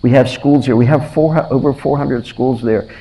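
In a poorly recorded clip, a man with a mid-range voice preaches at an ordinary pace. He tells stories energetically, performing the voices of the characters and frequently repeating himself.

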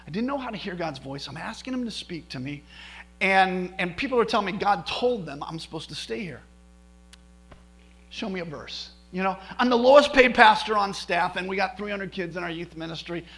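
A middle-aged male pastor telling a personal story in a sermon, animated, with many restarts. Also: high voice, rough recording. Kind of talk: sermon testimony.

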